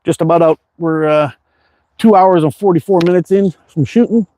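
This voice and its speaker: This man's voice sits a little high and is mellow, moving at a moderate pace. Target shooting in his backyard, he chats casually on a livestream, wandering through viewer comments with lots of filler words and a relaxed manner, though he comes across as weary and drained.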